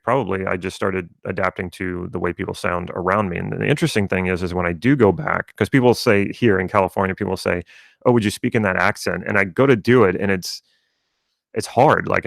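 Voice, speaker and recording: A man's voice: lowish voice, vocal fry, dry recording, clean studio sound. A man from South Louisiana with a mostly neutral American accent, rambling conversationally as a coach on a live stream, with many restarts. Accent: General American, from South Louisiana. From rural South Louisiana, USA. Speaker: NLP coach.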